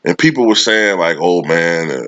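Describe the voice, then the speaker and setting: A man's voice: deep voice, animated, moderate pace, fairly bright tone, no echo. A man delivering a sarcastic, profane sports commentary rant. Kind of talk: casual ranting commentary. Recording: dull lo-fi dry recording.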